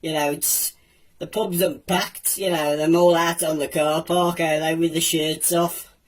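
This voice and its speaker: A man's voice: fairly high pitch, flat delivery, a little slow, pitched above the performer's own voice, natural voice. A man voicing a chatty, nostalgic male Womble from Wednesbury, rambling in a Black Country accent and putting questions to the viewers. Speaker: segment presenter.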